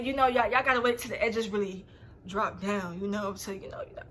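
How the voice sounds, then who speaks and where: A woman's voice: medium pitch, brisk, fairly bright tone, slight background noise. A young woman vlogging to camera in a casual, slangy way, venting and joking with her viewers. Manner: chatty, venting, slangy with "bro" and "y'all". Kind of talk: casual vlog talk to camera.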